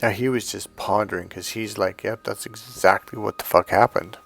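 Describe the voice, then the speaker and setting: Low-voiced, blunt, swearing male coach. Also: steady tone, moderate pace, gravelly, a bit bright, soft background music. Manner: blunt, profane, acts out both sides of conversations. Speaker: dating coach. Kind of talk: storytelling to camera.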